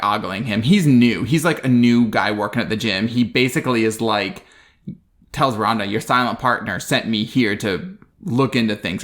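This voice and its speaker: A man's voice: medium pitch, fairly bright tone. A man co-hosting a podcast, recapping a bad movie in a casual, dry, sarcastic way. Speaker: podcast co-host.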